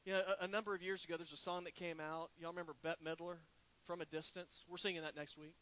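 A man preaching a sermon in a folksy, conversational way, swinging from animated emphasis down to a near hush and chatting asides to the congregation. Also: on the high side, fast talker, slight background noise, poor audio. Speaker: pastor.

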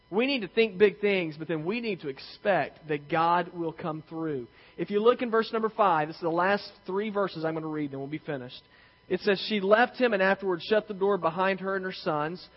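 A man preaching a sermon as pastor of his church, animated and acting out quotes. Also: high voice. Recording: reverberant hall, dull lo-fi sound.

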